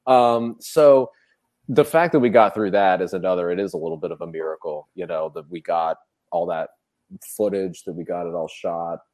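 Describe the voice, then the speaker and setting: A man's voice: sits low, normal speed, darkish tone, dry recording. A man from a film crew chatting casually about a shoot, loose and laughing as he chimes in. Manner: loose, laughing, chiming in with fillers. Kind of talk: casual chat.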